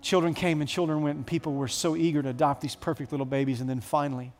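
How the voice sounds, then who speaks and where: A man preaching a sermon to his church, telling a story with dramatic swings between hushed and loud. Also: a little high, little pitch movement, quick pace, faint music behind. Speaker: pastor.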